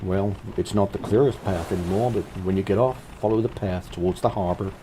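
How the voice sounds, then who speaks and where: A man's voice: sits low, fairly quick, mellow, slight background noise, lightly acted, poor audio. A man voicing a friendly male assistant lighthouse keeper in a game, with a made-up American twang that sounds a bit like Kermit. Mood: welcoming.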